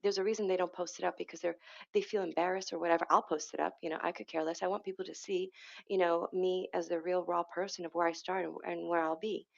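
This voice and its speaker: Here the same kind of guest, a woman who works as a hypnotherapist and energy healer, speaks fast in a low, level voice with vocal fry. Her podcast answers in this casual interview wander, full of restarts and self-corrections, captured on dull audio.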